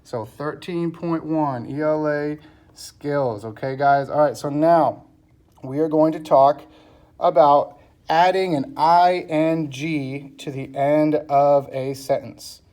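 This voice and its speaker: A man's voice: on the high side, takes it slowly, a little mellow. A man teaching a phonics lesson online. He sounds out words syllable by syllable and keeps checking in with "okay, guys?".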